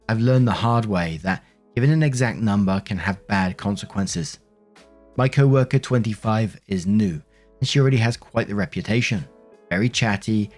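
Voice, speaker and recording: A man with a fairly low voice reads online stories and then muses on them in a loose, conversational way, dotted with "you know" fillers. Soft music plays quietly underneath his narration. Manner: conversational, reflective, many fillers. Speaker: narrator and commentator. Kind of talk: reading online stories with commentary. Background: faint background music.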